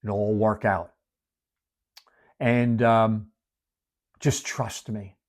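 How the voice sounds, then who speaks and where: A preacher voicing a calm, gentle male healer. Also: fairly low pitch, very slow, pitched below the performer's own voice. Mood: reassuring.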